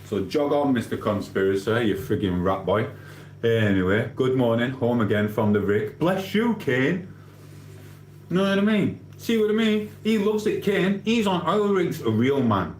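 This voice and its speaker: A man's voice: medium pitch, sing-song, normal speed, darkish tone. A man hosting a casual livestream, reading comments aloud and ranting bluntly with cheeky swearing. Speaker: livestream host. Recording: roomy echo with faint hum.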